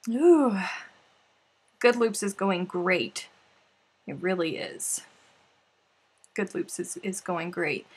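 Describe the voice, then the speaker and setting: A woman hosting a crochet live stream, chatting casually and emotionally with viewers, turning teary and then laughing, rambling with restarts. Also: on the high side. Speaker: crochet livestream host.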